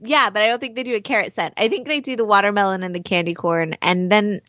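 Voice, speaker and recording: A woman's voice: mid-range voice, steady tone, fast, fairly bright tone, no echo, highs cut off. A woman co-hosting a casual podcast chat into a studio microphone, playful and teasing. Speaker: podcast co-host.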